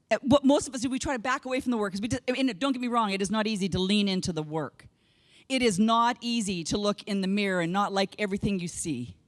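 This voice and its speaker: A woman's voice: medium pitch, big-room sound. A middle-aged woman from Canada, giving a humorous motivational keynote to a live audience, blunt and candid as she tells stories. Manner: candid, blunt storytelling with casual swearing. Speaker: keynote speaker. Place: conference room with a live audience.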